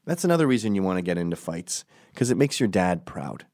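Low-voiced man telling a riffing story. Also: fast talker. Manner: riffing, animated, jumps into quoted voices. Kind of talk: casual comic storytelling.

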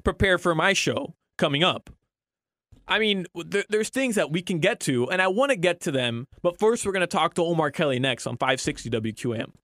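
A man's voice: a little high, expressive, fairly quick, fairly bright tone, no room sound. A man co-hosting and producing a sports radio show, rambling casually with many restarts and fillers on a studio mic.

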